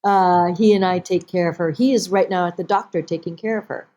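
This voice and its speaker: An actress with a voice on the low side talks briskly as a podcast guest in a casual interview. She tells her stories with animation, acting out snippets of dialogue.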